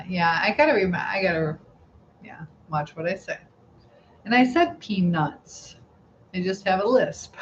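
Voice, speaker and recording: A middle-aged woman hosting a casual live stream, chatting and giggling as she reads out viewer comments. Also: medium pitch. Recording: slightly dull lo-fi sound with faint background noise.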